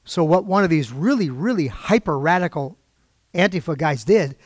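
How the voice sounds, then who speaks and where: A man's voice: on the high side, expressive, normal speed, no room sound, clean studio sound. An older man preaching in a storytelling style, acting out quoted voices with wry asides.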